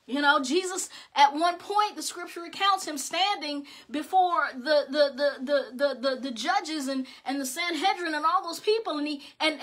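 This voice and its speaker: A woman's voice: high voice, sharp tone. A woman preaching a sermon with impassioned, rhythmic exhortations, sometimes repeating words as she is stirred.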